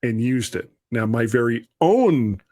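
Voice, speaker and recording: A man's voice: medium pitch, animated, measured pace, dark tone. A man with a London accent hosting a podcast, chatty and self-deprecating in casual talk. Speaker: podcast host. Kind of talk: casual chat.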